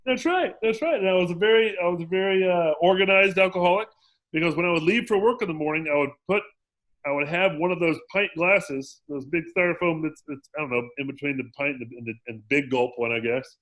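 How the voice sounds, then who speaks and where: A man guest telling his recovery story in a casual interview, animated and acting out quotes, often restarting his sentences. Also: on the high side, fast talker. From lived in Mexico for ten years. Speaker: podcast guest, sober living director.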